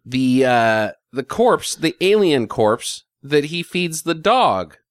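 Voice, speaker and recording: Animated man with a lively pitch. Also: takes it slowly, dry recording, studio quality. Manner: animated, swears freely, drops into silly character voices. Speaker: podcast co-host recapping a film. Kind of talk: casual chat.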